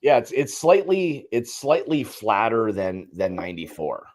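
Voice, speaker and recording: A man's voice: on the low side, big pitch swings, measured pace, a little mellow. A man hosting a livestream whiskey tasting, chatting casually and trailing off at the ends of his thoughts.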